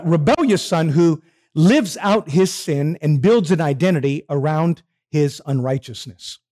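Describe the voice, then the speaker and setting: A man preaching a sermon, asking his listeners questions and answering them himself. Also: on the high side. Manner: animated, asks the congregation questions and answers them.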